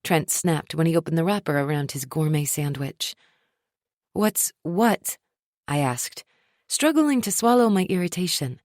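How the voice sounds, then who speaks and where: A woman narrating a first-person romance audiobook in an expressive, wry storytelling manner. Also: low voice, brisk, few pauses, dry recording, clean studio sound.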